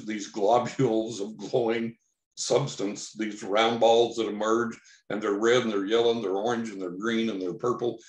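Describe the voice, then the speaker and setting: Animated male storyteller in a roomy space. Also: lowish voice. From Texas. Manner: animated storyteller, acts out his own quoted lines. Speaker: podcast guest, psychic investigator. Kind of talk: storytelling in a podcast interview. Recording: roomy echo.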